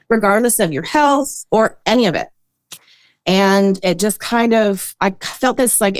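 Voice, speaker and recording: A woman who works as a boudoir photographer, guest on a podcast, talking in an earnest, reflective way with frequent pauses and hesitations. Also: medium pitch, dry recording. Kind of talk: casual interview talk.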